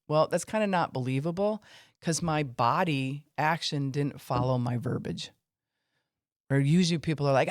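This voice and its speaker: A man's voice: on the high side, moderate pace, no echo, studio quality. A man teaching on faith and emotions in an informal podcast talk, with fillers, acting out what people say.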